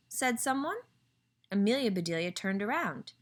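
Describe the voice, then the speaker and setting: A woman teacher reading a picture book aloud to children, clear and expressive, pausing to ask them questions. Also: fairly low pitch.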